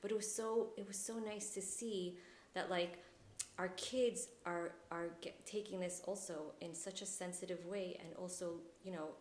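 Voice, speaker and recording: A woman host with a somewhat low voice tells a story softly and with emotion in a relaxed interview. Her voice echoes in the room. A faint hiss lies behind her. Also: normal speed, few pauses. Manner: emotional, soft-spoken storytelling. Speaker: podcast host. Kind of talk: conversational interview.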